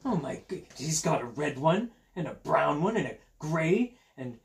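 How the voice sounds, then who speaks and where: A man's voice: a little high, big pitch swings, measured pace, gravelly, hardly any pauses. A male teacher reading a picture book aloud to children in a playful, chatty way and inviting them to join in. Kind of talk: storytime read-aloud for children.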